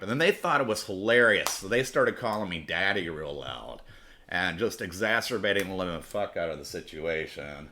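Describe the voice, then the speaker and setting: A man's voice: low-pitched, lively intonation, brisk, bright, forceful tone. A man telling a rambling, profane personal story as host of his podcast. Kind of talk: casual storytelling.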